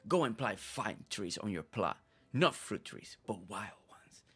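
A man voicing a dramatic, secretive male villager in a deep, half-whispered, solemn voice. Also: lively intonation, unhurried, fairly bright tone, breathy edge, heavily acted. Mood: brooding. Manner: solemn, cryptic pronouncements. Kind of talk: game dialogue read-along. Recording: faint game music behind.

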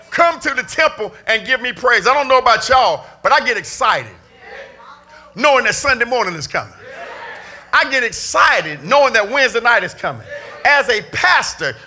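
A middle-aged man preaching a sermon in a church, often raising his voice to a shout for emphasis. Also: very high voice. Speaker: pastor. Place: church sanctuary.

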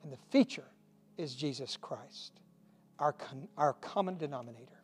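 A man's voice: mid-range voice, moderate pace, husky. A man preaching a short recorded devotional sermon as pastor, folksy and earnest, with self-deprecating asides.

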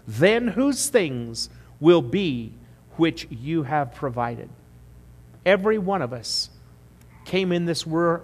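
A man preaching a sermon as pastor, emphatic at the peaks and quiet and slow when he appeals to the congregation. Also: fairly high pitch. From United States. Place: church sanctuary. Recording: long church reverb.

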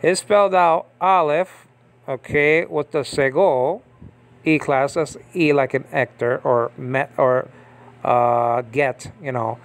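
A man's voice: mid-range voice, fairly even intonation. Chatty man teaching Hebrew letters. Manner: conversational, checks in with frequent "okay?" and "you understand?"; pauses and restarts while reading text aloud from a screen. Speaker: Bible teacher. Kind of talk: casual Bible language lesson.

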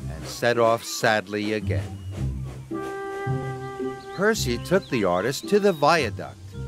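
A man narrating a storybook cartoon in a gentle, expressive, scripted way. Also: medium pitch. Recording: narration over background music. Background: music.

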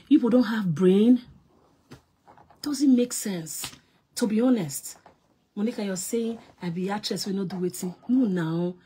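Nigerian actress ranting on a live stream; husky voice, loud and scolding, swings in pitch and volume. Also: female voice.

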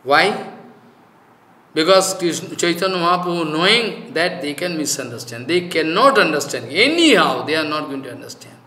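A man preaches a devotional talk in a high, bright voice. He speaks loose, informal English, scattering "you know" through his sentences and repeating his key points for emphasis. The room around him rings with echo. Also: lively intonation, normal speed. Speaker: spiritual teacher. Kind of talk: devotional scripture discourse.

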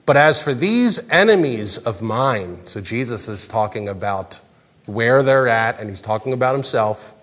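A man preaching a sermon as pastor, animated and jokey, acting out the characters' lines. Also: mid-range voice, unhurried, big-room sound. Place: large church hall.

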